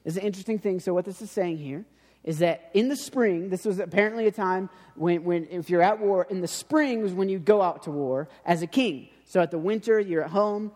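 Male preacher, high voice, informal and rambling, hall reverb. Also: fairly quick, a little mellow. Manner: chatty, repeats words and restarts, acts out quoted speech. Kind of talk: casual sermon.

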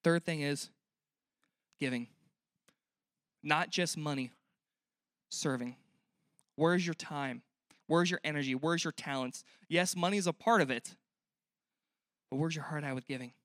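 A man's voice: on the high side, a little slow, pauses often, fairly bright tone, no room sound, studio quality. A young man preaching a sermon in a church, earnest and conversational, often asking the listeners questions. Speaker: pastor.

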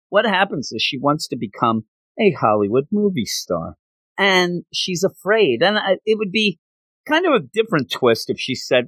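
Guy recapping a story, joking around, lively pitch, dry room. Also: moderate pace, no room sound. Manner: animated, joking asides.

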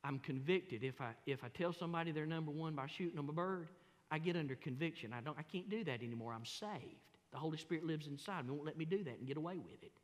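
A middle-aged man, preaching a sermon as pastor in a folksy, animated, self-mocking storytelling way. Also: fairly high pitch, quick pace. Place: large church sanctuary. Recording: long hall reverb in a church.

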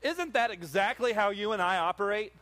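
A pastor preaching a sermon in an animated way, full of rhetorical questions. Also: male voice, sits high, a little fast.

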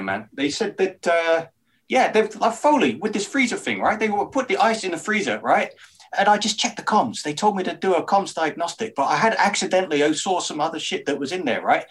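A man's voice: high-pitched, sing-song, a little fast, a bit bright. A man playing a tabletop character, rambling in a conspiratorial tone and tagging lines with "man". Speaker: tabletop role-player. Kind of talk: in-character tabletop role-play.

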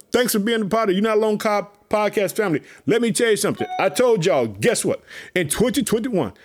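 Pumped-up high-voiced preacher man. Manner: excited, repetitive preaching catchphrases. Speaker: pastor. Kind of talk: energetic podcast sermon.

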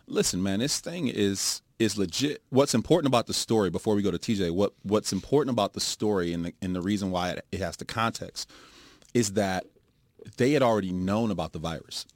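Man, joking co-host, low voice, dry. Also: brisk, dry recording. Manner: joking, loose banter. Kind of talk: casual sports talk.

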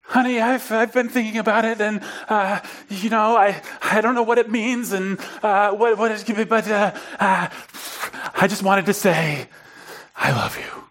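A man voicing his girlfriend leaving a breathless, halting voicemail. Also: medium pitch, pitched above the performer's own voice, lightly acted. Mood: tentative.

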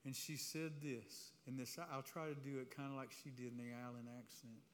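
A man preaching a testimony to a live audience in a church hall, telling his story in an animated, conversational way that keeps checking in with "right?". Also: mid-range voice, brisk. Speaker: speaker giving a testimony. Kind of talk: sermon-style testimony storytelling. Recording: reverberant hall, faint room noise.

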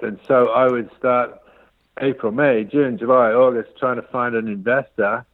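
A man's voice: mid-range voice, fairly even intonation, moderate pace. A man rambles through a business story as an interview guest, acting out the quoted dialogue. He talks in a middle register, and the sound is thin and phone-like with no room echo. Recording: tinny dry phone line.

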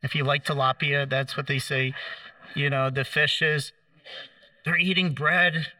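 A man preaching a sermon, telling the story in a conversational way, acting out the quoted lines with gentle humor. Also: fairly high pitch, flat delivery, a little slow, dry recording, distant mic.

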